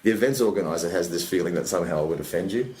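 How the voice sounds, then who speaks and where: Male comic, deep, quick, rambling; echoey room recording. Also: a little hiss or hum. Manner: rambling, animated anecdotes with quoted voices. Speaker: comedian guest. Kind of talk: casual podcast chat, storytelling. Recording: roomy echo, faint background ambience.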